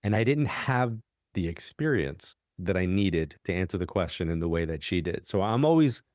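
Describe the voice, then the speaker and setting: A man's voice: moderate pace, no room sound, clean studio sound. A middle-aged man, a guest telling long stories in casual conversation and acting out the dialogue. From New York. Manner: animated, acts out quoted dialogue with big pitch jumps. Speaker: guest, psychic medium. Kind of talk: conversational storytelling.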